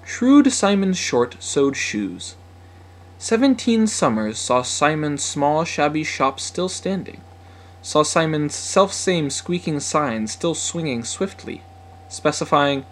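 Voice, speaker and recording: A man narrating an alliterative tongue-twister story with lively, expressive delivery. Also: fairly high pitch, slow, slight background noise.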